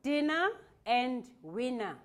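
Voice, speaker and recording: A South African woman teaching young children in a classroom, speaking in a deliberate, clearly articulated way. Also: sits high, sing-song, slight background noise. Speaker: primary school teacher.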